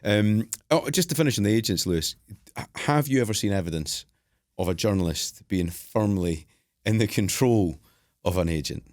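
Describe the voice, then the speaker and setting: A man hosting a football podcast, trading quick banter and asking questions. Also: lowish voice, lively intonation, darkish tone, no room sound, clean studio sound. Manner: chatty, quick interjections and banter. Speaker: host. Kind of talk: casual podcast chat.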